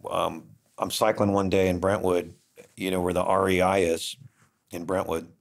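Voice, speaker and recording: A middle-aged man with a low, gravelly voice tells a story on a podcast. He talks casually and acts out each line of dialogue with lively energy. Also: moderate pace. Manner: animated, acts out dialogue in quotes. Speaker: podcast host. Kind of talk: conversational storytelling.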